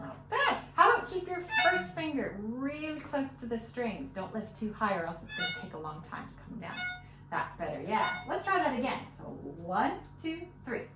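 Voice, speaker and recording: A woman teaching fiddle in a patient, encouraging way, counting the beats aloud. Her voice is fairly high and lively. It sounds roomy and a little away from the mic, with fiddle music behind her. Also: a little fast, far from the mic. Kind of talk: one-on-one music lesson.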